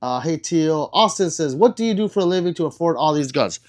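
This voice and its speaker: A man's voice: on the high side, animated, brisk. A young man hosting a casual live stream, joking and rambling as he reads out viewer comments. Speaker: livestream host reading chat.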